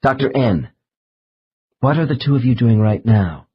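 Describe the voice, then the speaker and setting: Man, audiobook narration, measured reading, husky, dull lo-fi sound. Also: medium pitch, expressive. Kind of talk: scripted narration.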